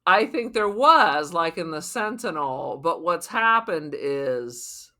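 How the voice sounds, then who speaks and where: A woman's voice: on the low side, lively intonation, slow, bright, forceful tone. A woman co-hosting a podcast, talking bluntly and playfully about a horror film, with casual swearing. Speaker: podcast co-host.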